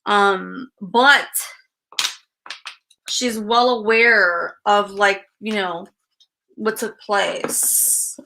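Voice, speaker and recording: A woman giving a casual spirit reading as a medium, halting and full of fillers, frank and breaking into laughs. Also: mid-range voice, fairly even intonation, creaky, bright, forceful tone. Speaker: psychic medium.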